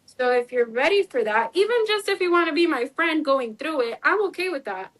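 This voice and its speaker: A woman in her twenties with a high, animated voice, speaking a little fast on a low-quality recording. She's an interview guest telling a personal story chattily, acting out quoted dialogue and leaning heavily on "like" as a filler.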